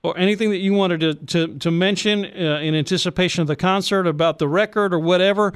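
A man's voice: sits high, fast, clear, resonant tone, no room sound, clean studio sound. A man hosting a radio podcast, interviewing a guest in a friendly, courteous way. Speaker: radio host.

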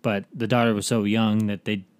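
A man's voice: on the low side, level tone, brisk, dry recording. A man co-hosting a casual TV review chat, rambling and acting out characters' lines in quotes. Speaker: podcast co-host reviewing a TV episode.

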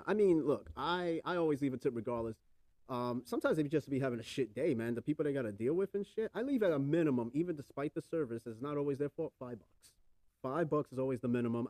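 A man's voice: mid-range voice, animated, fast talker, dark tone, no echo. A man hosting a podcast, chatting casually and swearing freely, rambling with lots of fillers. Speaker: podcast host. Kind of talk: casual chat.

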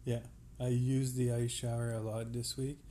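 A co-host chatting casually on a home podcast, halting and unhurried, with many fillers. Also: medium pitch, little pitch movement, warm tone, a little hiss or hum. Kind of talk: casual chat.

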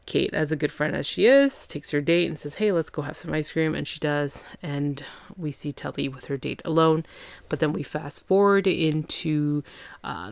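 Chatty low-voiced woman recapping an episode. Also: creaky, no echo. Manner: chatty, laughs often, acts out characters' lines. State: tired after a long day. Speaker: podcast host recapping a TV episode. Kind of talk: casual chat.

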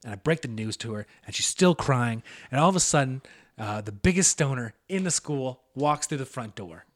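With a mid-range voice at a moderate pace, this young podcast co-host relays a story conversationally. He is animated and performs the quoted voices of the characters in it.

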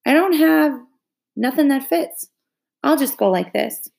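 A woman's voice: high-pitched, lively intonation, measured pace, gravelly, a little mellow, voice pushed up, full character voice. A woman reading a novel aloud, voicing a plainspoken country boy of about ten who talks in a blunt, offhand way. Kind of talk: audiobook read-aloud.

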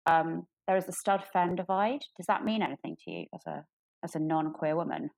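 A woman co-hosting a casual chat, candid and animated, with lots of fillers and restarts. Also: fairly quick, vocal fry, no echo, poor audio. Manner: candid and animated, jumps into high voices for quotes. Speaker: podcast co-host.

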